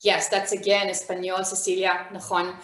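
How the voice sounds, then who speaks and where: A woman's voice: on the low side, completely flat delivery, fairly quick, fairly bright tone, reverberant. A woman teaching an online beginner Hebrew class, encouraging and calling on students by name.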